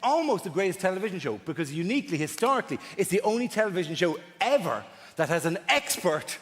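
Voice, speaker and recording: A man doing animated stand-up comedy and chatting with the crowd on a theatre stage. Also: fast. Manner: animated, chatty crowd work, shrill mock voices. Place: large theatre stage, live audience. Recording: echoey theatre with loud crowd noise.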